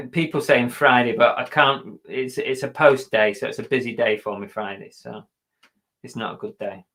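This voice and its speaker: A man's voice: medium pitch, steady tone, moderate pace, fairly bright tone. A British man hosting a casual live stream, chatty and jokey, often poking fun at himself. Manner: chatty, jokey and self-mocking. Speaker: reseller live-streaming host.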